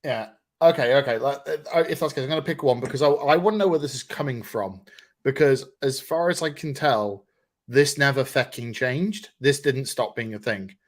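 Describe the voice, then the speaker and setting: Male podcast co-host, slightly high-pitched, animated sweary ranter. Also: moderate pace. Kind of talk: casual podcast chat.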